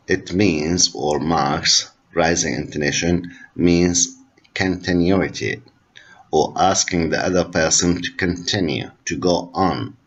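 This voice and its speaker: A man with Arabic as his first language, giving a university linguistics lecture in a slow, repetitive explaining manner and switching into Arabic at times. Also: deep voice, breathy edge. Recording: dull lo-fi recording.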